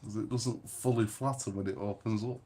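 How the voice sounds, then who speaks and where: A man's voice: on the low side, fairly even intonation, brisk, warm tone, breathy edge. A man with a Lancashire accent co-hosting a casual live stream, joking and bantering while baking. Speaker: channel co-host.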